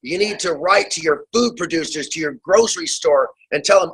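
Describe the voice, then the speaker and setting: A man with a husky, slightly breathy voice speaks with urgent, fiery passion as a guest author. He calls out directly to his listeners and pushes them to act. The sound comes over a remote call. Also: a little high, brisk, hardly any pauses, fairly bright tone, poor audio. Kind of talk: impassioned advocacy talk.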